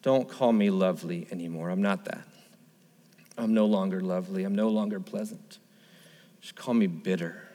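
A man voicing Naomi, a grieving, bitter older woman, in a low, heavy, despairing tone during a sermon. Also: moderate pace, warm tone, big-room sound, close to an everyday voice.

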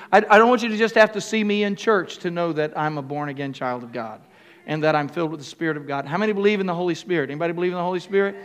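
A man's voice: high-pitched, a bit bright, clear, resonant tone. An older male pastor preaching a sermon, calling on the congregation to answer back and often stopping to restart his phrases. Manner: call-and-response with the congregation; halting, with restarts and fillers.

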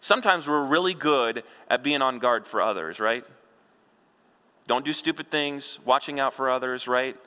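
Preaching through a passage at a moderate pace, a middle-aged pastor uses a smooth, mid-range voice that is bright and forceful, and he leans on folksy jokes and rhetorical questions. His words echo through the sanctuary with a long, lingering reverb.

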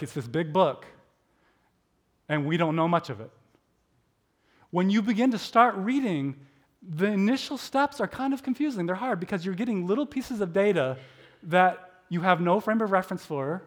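Speaking at a moderate pace, a high-voiced, middle-aged preacher gives a sermon that feels like a friendly chat. He pokes fun at himself, says "like" constantly, and brings his stories to life by voicing his own thoughts.

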